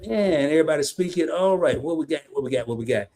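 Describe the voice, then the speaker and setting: A man's voice: fairly high pitch, quick pace. A man with a Southern US accent co-hosting a live stream, chatting casually, joking and reading viewer comments aloud. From American South. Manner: animated, folksy, jokes and reads chat comments aloud.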